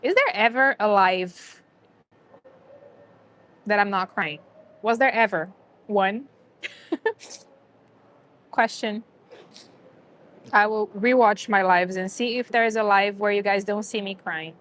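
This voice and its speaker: A woman's voice: medium pitch, takes it slowly, long pauses, a bit bright. A woman hosting a casual livestream, chatting to viewers and a dog and laughing often. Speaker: livestream host.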